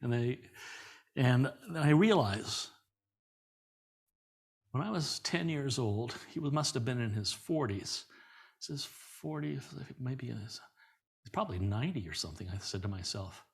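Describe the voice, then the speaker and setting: A middle-aged man with a mid-pitched voice, recounting stories as a podcast guest. He talks in a loose, animated way, doubling back on words and laughing as he goes. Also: measured pace, vocal fry, long pauses, husky. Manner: lively anecdotes, repeats words, laughs often. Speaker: guest performer. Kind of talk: conversational storytelling in an interview.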